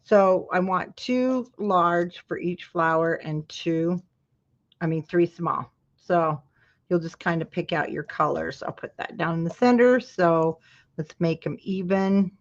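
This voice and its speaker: A woman's voice: lowish voice, unhurried, muffled recording. A woman from Utah hosting a live craft tutorial, talking viewers through each step in a chatty way and breaking off into asides. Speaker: craft show host.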